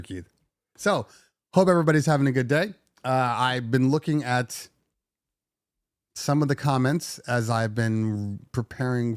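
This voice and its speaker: A man's voice: medium pitch, dry recording, studio quality. A middle-aged man hosting a casual DJ podcast, venting animatedly and slipping into sarcastic put-on voices. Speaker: DJ podcast host. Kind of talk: casual livestream talk.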